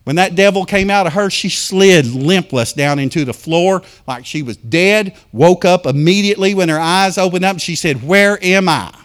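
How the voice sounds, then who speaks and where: A man delivers a fervent sermon in a church, his voice sitting high for a man. He tells his stories with force and then drops to a hush, speaking straight to the congregation. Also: moderate pace, hardly any pauses. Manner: fervent preaching, storytelling, swings from loud to hushed; addresses congregation directly. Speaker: pastor.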